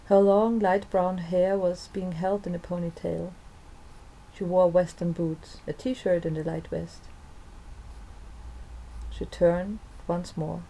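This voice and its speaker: Woman narrator, storybook reading, calm and soft, mellow low voice. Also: slow pace, gravelly, pauses often, a little hiss or hum, low-quality recording. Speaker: narrator and author. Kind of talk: reading her own story aloud.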